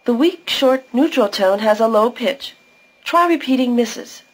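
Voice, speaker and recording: A woman with a fairly high voice narrates a recorded language lesson. She talks slowly and clearly, explaining pronunciation one step at a time. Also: expressive, rough recording. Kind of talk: scripted instructional narration.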